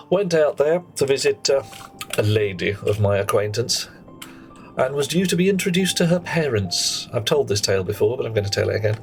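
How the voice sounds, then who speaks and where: A man, chatting jokily on a live game stream and reading viewer names aloud. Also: medium pitch. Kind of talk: live gameplay stream chat.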